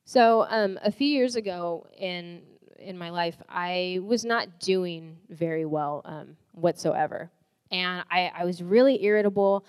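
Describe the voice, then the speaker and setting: A woman's voice: lowish voice, clear, resonant tone. A young woman sharing a personal faith testimony in a candid, conversational way, full of "like" and restarts. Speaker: church volunteer giving a testimony. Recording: long hall reverb.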